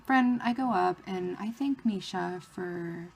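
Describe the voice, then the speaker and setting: A woman vlogger telling a story in a casual, excited way, with lots of "like" fillers. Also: on the low side, slow pace, gravelly. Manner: excited retelling of a fan encounter, many "like" fillers.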